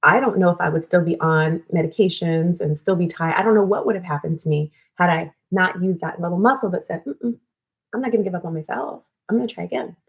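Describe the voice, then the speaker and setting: A woman's voice: lowish voice, quick pace, few pauses. A woman hosting a weekly live wellness show, talking casually and earnestly, repeating phrases to encourage her viewers. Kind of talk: casual motivational livestream talk.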